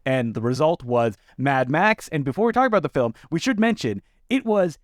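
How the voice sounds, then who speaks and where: A man co-hosting a film podcast, his fairly high voice leaping up and down as he jokes and throws in incredulous asides. The sound is dry and close, with no room around it. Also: normal speed, hardly any pauses, no echo. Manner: animated, joking, incredulous asides. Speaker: podcast co-host. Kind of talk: casual film discussion.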